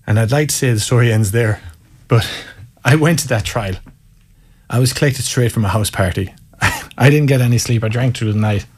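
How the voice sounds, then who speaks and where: A man's voice: medium pitch, normal speed, a little mellow, breathy edge. A man from County Mayo with an Irish accent, a guest telling candid, self-mocking stories and reflecting openly in conversation. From Ireland, County Mayo. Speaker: guest, former Gaelic footballer. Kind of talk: storytelling in conversation.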